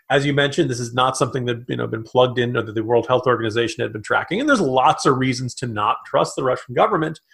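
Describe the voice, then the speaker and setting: A man co-hosting a political podcast, with a gravelly edge to his mid-pitched voice. He chats in animated bursts, tossing in quick asides as he argues his points. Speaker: podcast co-host. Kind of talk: political commentary chat.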